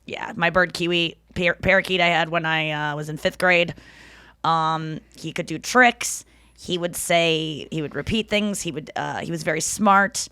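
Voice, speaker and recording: A woman's voice: lowish voice, steady tone, normal speed, bright, forceful tone, clean tone. A woman hosting a podcast, telling crude, playful stories in casual chat. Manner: candid, crude, playful storytelling. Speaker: podcast host.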